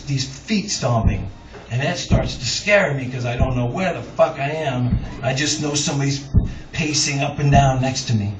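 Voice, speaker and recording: On stage at a live music club, a singer-songwriter with a medium-pitched, fairly bright voice tells a long, rambling, self-mocking story, chuckling along the way. The recording is a roomy, dull, distant audience capture with laughter and crowd noise in the background.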